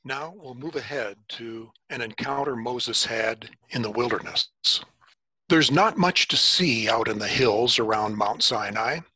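Slow, husky male storyteller. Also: medium pitch, bright, forceful tone, no room sound. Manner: unhurried, dramatic pauses. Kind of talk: first-person dramatic storytelling.

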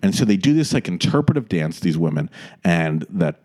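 A man co-hosting a casual chat about musicals, telling a sarcastic anecdote with lively laughs. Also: low-pitched, normal speed. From United States. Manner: animated storyteller, sarcastic, laughs a lot. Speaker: podcast co-host.

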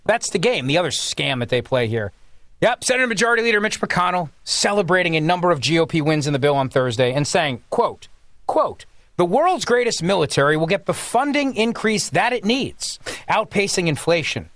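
A man's voice: high voice, big pitch swings, normal speed, a bit bright, no room sound, studio quality. A man filling in as a talk radio host, delivering a sarcastic, mocking political monologue.

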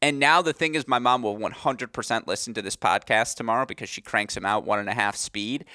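A young man in his twenties co-hosting a podcast, chatting casually in an animated, rambling, jokey way. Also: mid-range voice, brisk, no echo, clean studio sound. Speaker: podcast co-host.

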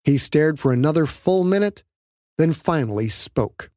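A man narrating his own novel as an audiobook, reading in a dramatic, lively way. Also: a little high, measured pace, no room sound, clean studio sound. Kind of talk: scripted narration.

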